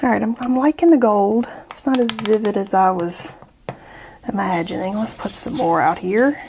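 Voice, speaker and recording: A woman's voice: mid-range voice, moderate pace, a little mellow, a little hiss or hum. A chatty woman talks through her painting session for her followers. She jokes and laughs often, with a bubbly, easygoing way of talking. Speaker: art YouTuber.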